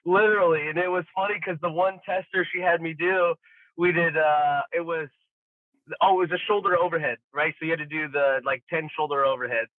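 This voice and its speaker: A man's voice: fairly high pitch, brisk, no room sound. A man telling stories in a casual podcast chat, acting out quotes with lots of fillers. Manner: animated storyteller acting out quotes, many fillers. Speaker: podcast guest, athlete. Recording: tinny phone-like line, dry.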